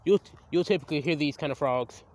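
A man's voice: on the high side, fast talker, darkish tone. Rambling young man vlogging by a creek. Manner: rambling, stammering and restarting. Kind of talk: casual outdoor vlog. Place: outdoors by a creek. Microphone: handheld phone camera.

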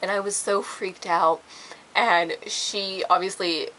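A woman's voice: medium pitch, fairly even intonation, takes it slowly, sharp tone, a little hiss or hum, rough recording. A young woman casually telling a personal story to the camera with many fillers. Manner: chatty, many fillers, acts out quotes. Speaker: vlogger.

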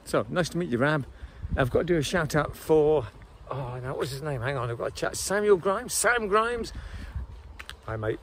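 Brief: excitable male vlogger, slightly high voice, noisy outdoor handheld recording. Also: normal speed. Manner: chatty, excitable, says "man" and "folks" a lot. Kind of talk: casual vlog chat. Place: outdoors on a university campus.

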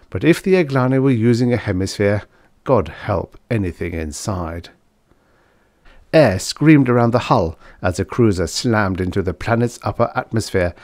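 Male narrator, low voice, steady measured audiobook reading, dry close recording. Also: dry recording.

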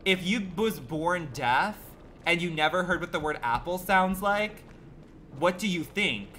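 A man's voice: high voice, expressive, measured pace, sharp tone, slight background noise. A man livestreaming a game, chatting with his viewers in a sassy, campy, profane way, full of rambling rhetorical questions. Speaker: gaming livestreamer. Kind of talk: casual stream chat.

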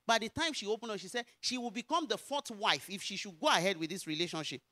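A woman's voice: medium pitch, quick pace, bright, forceful tone, dry recording. A woman pastor with a Nigerian Yoruba accent, telling a personal testimony in a sermon and rising into emphatic preaching.

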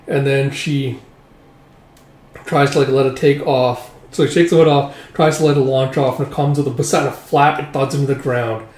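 A manga reviewer recaps a manga in a casual vlog, rambling and peppering his summaries with "it's like" and "just, like." His mid-range voice is a little mellow, with a steady tone at normal speed, and the recording has a roomy echo.

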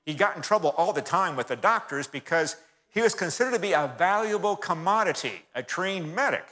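A guest speaker delivers a sermon-like history talk in a church hall, speaking a little fast in a high, bright, pushed voice with lively intonation. Folksy in manner, he keeps addressing the audience as folks, and the hall's recording is reverberant.

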